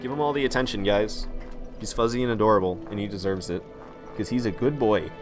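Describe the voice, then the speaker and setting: A man's voice: fairly low pitch, quick pace, over music. A young man streaming a video game at home, rambling casually and reading chat messages aloud.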